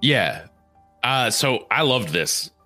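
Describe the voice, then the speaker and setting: Male podcast co-host, casual movie chat, animated and jokey, bright tone, faint music behind. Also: mid-range voice, slow pace. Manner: animated, joking, slips into silly impressions.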